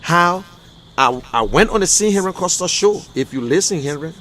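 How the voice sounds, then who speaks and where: A man with a Liberian English accent, talking on a political livestream, emphatic and repetitive, swinging from low muttering to loud outbursts. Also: lively intonation, moderate pace. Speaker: livestream commentator. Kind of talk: impassioned political livestream rant.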